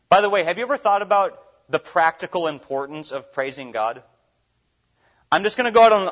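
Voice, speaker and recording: A man's voice: a little high, a bit bright. A man from Minnesota preaching a sermon as pastor, earnest and full of rhetorical questions. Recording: dull lo-fi recording.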